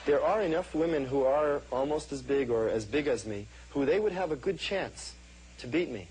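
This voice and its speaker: A man's voice: mid-range voice, animated, moderate pace, darkish tone, low-quality recording. A man in an archival interview, speaking earnestly and insistently about his method. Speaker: comedian and wrestler.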